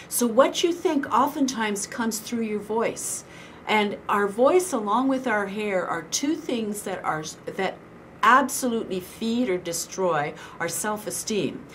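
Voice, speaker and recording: Animated woman voice coach. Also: mid-range voice, measured pace, slight background noise. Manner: animated and encouraging, with instructional asides. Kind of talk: instructional tips to camera.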